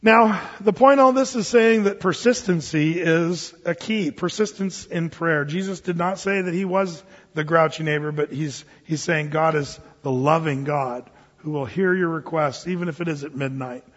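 A male pastor in his forties gives an animated sermon and slips into playful voices as he tells everyday stories. His voice sits high and sounds husky. The recording is dull and lo-fi, with a long reverb from a large hall. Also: normal speed. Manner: animated storytelling, acting out voices in quoted asides.

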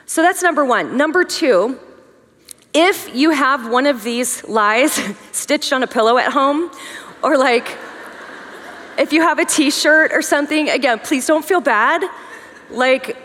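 Woman teaching with joking asides in a hall. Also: a little high. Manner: conversational, joking asides, lively emphasis. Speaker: women's conference speaker. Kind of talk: humorous teaching talk.

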